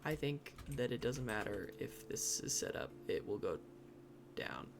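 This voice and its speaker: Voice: medium pitch, sing-song, measured pace, gravelly, background noise. A streamer doing live gameplay commentary, muttering to themself and grumbling about their own mistakes. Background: background music and keyboard typing.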